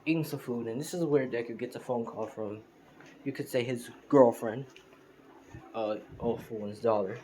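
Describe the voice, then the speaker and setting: Ein Mann, der frei und weitschweifig eine Fan-Geschichte erzählt, mit vielen Füllwörtern, über ein einfaches Aufnahmemikrofon. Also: male voice, mid-range voice, moderate pace, dark tone, slight background noise, low-quality recording. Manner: rambling, filler-heavy. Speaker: storyteller. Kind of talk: improvised fan story narration. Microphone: screen recorder microphone.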